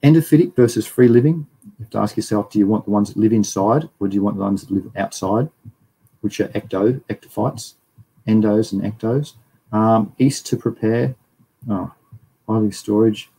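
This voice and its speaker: A man's voice: fairly low pitch, moderate pace, creaky, warm tone, breathy edge, low-quality recording. A middle-aged Australian man giving a casual, rambling livestream lecture and reading viewer chat aloud.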